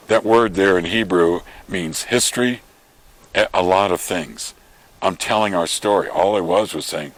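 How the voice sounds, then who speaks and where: Low-voiced man preaching a story. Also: a little slow. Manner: animated retelling, acts out quoted voices. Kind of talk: storytelling sermon.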